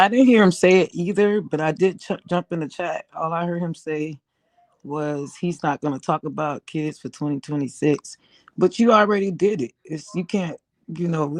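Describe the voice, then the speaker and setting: Gravelly Southern woman, dry close sound. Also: low voice, normal speed, darkish tone, dry recording. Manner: emphatic, blunt, loyal. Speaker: guest on a livestream. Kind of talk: casual supportive chat.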